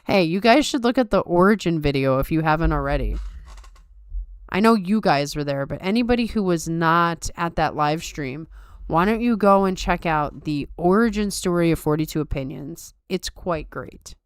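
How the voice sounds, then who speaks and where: A woman's voice: lowish voice, lively intonation, moderate pace, smooth, no room sound. A woman hosting a casual live-stream chat, upbeat and chatty, reading comments aloud, tired late at night. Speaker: podcast host.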